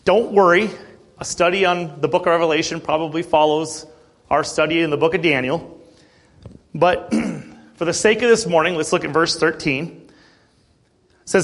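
Throat-clearing man teaching a Bible class. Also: a little high, a bit bright. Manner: frequent throat clearing, checks in with "okay?" and "right?"; slows down to stress key phrases when reading scripture.

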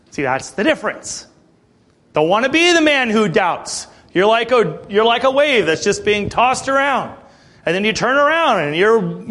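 Animated, high-voiced man preaching a sermon. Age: 30s. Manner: earnest, conversational, with asides and rhetorical questions.

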